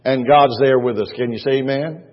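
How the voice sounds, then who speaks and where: A man's voice: medium pitch, fairly even intonation, fairly quick. A man preaching a sermon as pastor, repeating his points emphatically, asking the congregation questions and chuckling between lines. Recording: dull, long church-hall reverb.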